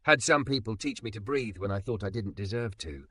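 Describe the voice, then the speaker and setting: Guy doing a calm steady young man counting breaths, slow and gentle, lowish voice. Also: dry recording.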